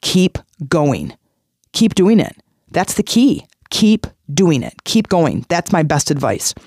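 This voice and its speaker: A man's voice: fairly high pitch, sing-song, takes it slowly, a little mellow, no echo, clean studio sound. A man in his forties hosting a podcast, giving earnest motivational self-help advice in a conversational way and repeating phrases for emphasis. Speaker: podcast host.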